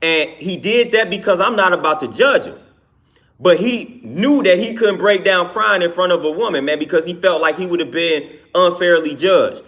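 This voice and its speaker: Speaking at a moderate pace, this man has a high-sitting, fairly bright voice. He's a personal trainer talking earnestly and casually, frequently tagging on "man" and "you know what I'm saying."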